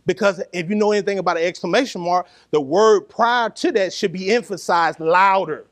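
A man preaching a sermon, animated and lively, laughing and calling the congregation to answer back. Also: high voice, a little fast.

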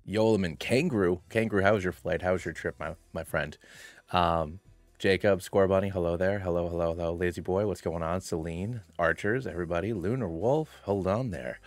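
Deep-voiced playful male game streamer. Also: a little fast, dry recording, faint music behind. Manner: playful, chatty, greets chat by name; hushed and quiet at first. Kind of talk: casual game stream chat.

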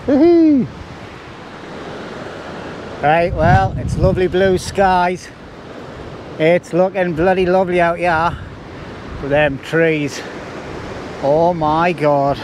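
Brief: bushcraft vlogger, jokey and chatty, slightly high voice, faint wind noise. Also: male voice, steady tone, slow, pauses often. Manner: jokey, chatty, laughs a lot. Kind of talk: casual chat to camera. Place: windy woodland outdoors. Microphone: camera mic.

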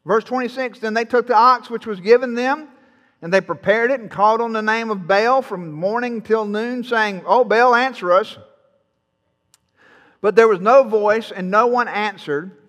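High-voiced, bright preacher. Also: male voice, moderate pace, big-room sound. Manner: folksy, playful preaching that teases the congregation. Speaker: pastor. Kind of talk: sermon. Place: church sanctuary.

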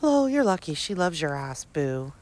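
A woman's voice: sits low, sing-song, normal speed, darkish tone. A woman reading out the text messages of a teenage girl who calls her boyfriend boo. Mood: cutesy.

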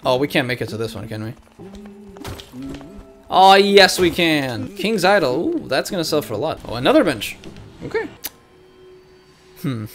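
A man streams a platform game with a friend, his voice rising and falling in wide swings as he reacts. He is excitable, laughs often and swears offhandedly. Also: a little high, normal speed, long pauses, soft background music. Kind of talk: casual gameplay commentary.

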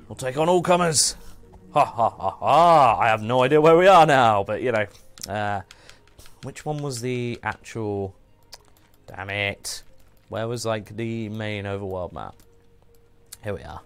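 A man hosting a casual game livestream, chatting in a rambling way and often trailing off and restarting. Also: fairly low pitch. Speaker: livestream host. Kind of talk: casual gameplay chat.

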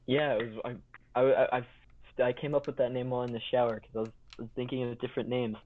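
A man's voice: medium pitch, flat delivery, quick pace, slight background noise. A man co-hosting a podcast in goofy, rambling casual chat, restarting his sentences. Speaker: podcast co-host. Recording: tinny phone-like sound.

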